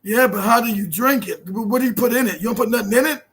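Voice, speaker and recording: High, bright-voiced man in loud joking chat. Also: fast. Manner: loud, joking, slipping into shouted put-on scolding voices. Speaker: host. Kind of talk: casual podcast chat.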